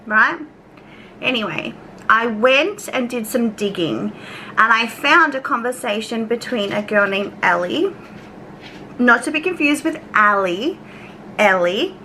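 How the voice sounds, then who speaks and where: A woman's voice: a little high, pushed and bright, a little hiss or hum, rough recording. A young Australian woman telling a casual storytime rant to her viewers, chatty and swearing freely as she acts out exchanges. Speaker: YouTube commentary creator.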